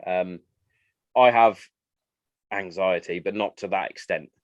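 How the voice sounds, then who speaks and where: A man in his thirties hosts a podcast, chatting casually and voicing his family members' lines as he tells stories. His voice is deep and his pace measured. The recording is dry with a lo-fi quality.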